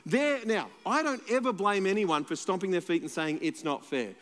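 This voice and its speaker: A man's voice: high-pitched, very animated, moderate pace, fairly bright tone, big-room sound. A man with an Australian accent, a pastor preaching a sermon in a conversational, playful way and joking with the congregation.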